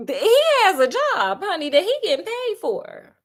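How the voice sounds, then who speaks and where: A woman's voice: very high voice, wildly swooping pitch, normal speed. A woman retelling a story in a sassy, chatty way, calling her listeners honey and child, with frequent laughs. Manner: laughs often.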